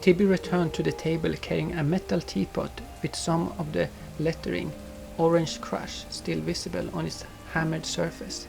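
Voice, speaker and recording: A man narrating a storybook in a gentle, unhurried manner. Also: a little high, little pitch movement. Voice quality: gravelly. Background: soft guitar music.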